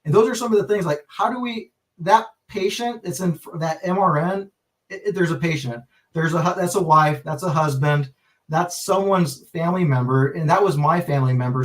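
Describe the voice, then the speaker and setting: A man with a fairly high voice tells a story on a podcast and acts out the quoted lines with plenty of energy. He often stops and restarts his sentences. He sits a little away from the microphone. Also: far from the mic. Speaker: pharmacist and healthcare executive guest.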